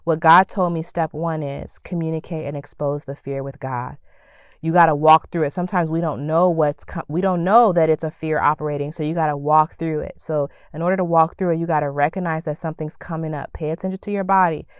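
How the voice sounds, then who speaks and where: A woman hosting a podcast, delivering a faith-based motivational talk in an animated, preacherly way with bursts of sassy acted-out thoughts. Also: low-pitched, brisk, smooth, no echo, clean studio sound. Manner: animated, preacherly, acts out quoted thoughts with playful sass. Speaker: podcast host.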